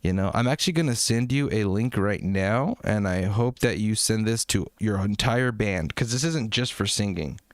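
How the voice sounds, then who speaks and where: A man's voice: lowish voice, animated, normal speed, hardly any pauses, no echo, studio quality. A man hosting a live music review stream, talking casually and rambling to his chat, with frequent swearing. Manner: rambling, profane, self-deprecating, chatty with viewers. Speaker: music review livestream host.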